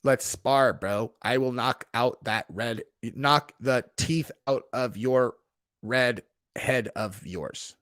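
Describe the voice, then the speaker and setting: A man's voice: medium pitch, takes it slowly, fairly bright tone, dry recording, clean studio sound. A man hosting a casual live stream from home, answering chat in a laid-back, profane way and saying "dude" constantly. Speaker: streamer host. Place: home in Texas.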